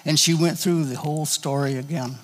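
A man preaching a sermon in a folksy, halting, conversational way, telling personal stories to his congregation. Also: a little high, steady tone, long reverb tail.

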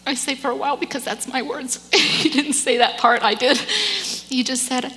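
A woman giving an earnest, emotional personal testimony at church, now and then dropping to a soft whisper. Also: high-pitched, steady tone, moderate pace. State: tearful at times. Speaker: church speaker. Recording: long hall reverb.

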